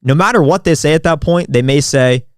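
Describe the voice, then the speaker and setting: A man's voice: fairly high pitch, a little fast, no room sound, studio quality. A man who is a sales expert, giving direct, step-by-step advice in an interview. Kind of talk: instructional interview answer.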